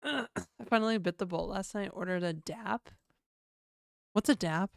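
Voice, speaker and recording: A woman with a creaky, mid-range voice talks at a normal speed while livestreaming her game dev work. She chats loosely and rambles, reacts to viewer comments and drops casual swears. There's no room sound, just clean studio audio.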